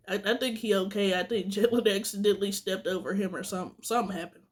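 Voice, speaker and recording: A woman's voice: mid-range voice, fairly even intonation, fast, few pauses. A young woman vlogger telling a storytime rant to her viewers, candid and venting, talking straight to the camera.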